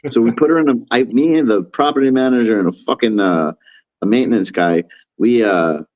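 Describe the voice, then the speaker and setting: A man's voice: brisk, darkish tone, no echo. Profane New man telling a rambling story. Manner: rambling, profane, acts out quotes in a higher voice. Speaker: podcast co-host. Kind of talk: casual storytelling chat. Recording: dull lo-fi sound.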